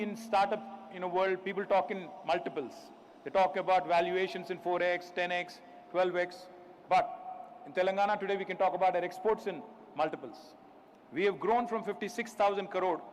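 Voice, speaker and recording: Indian English man, 40s, high-pitched, confident public speaker, faint room noise. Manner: confident, emphatic, rhetorical questions. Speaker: state minister giving a speech. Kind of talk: public speech at an event.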